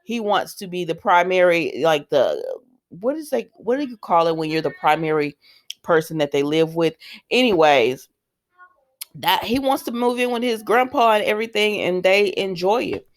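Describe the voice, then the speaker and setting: A woman's voice: on the low side, lively intonation, normal speed. A woman hosting a casual soap opera recap, chatty and full of fillers and asides as she retells the scenes.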